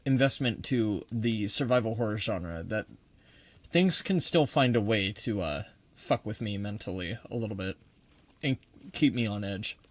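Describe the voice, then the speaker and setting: A man's voice: lowish voice, expressive, unhurried, no echo. A man giving casual, joking let's-play commentary, swearing freely and reading in-game text aloud. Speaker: gaming video creator.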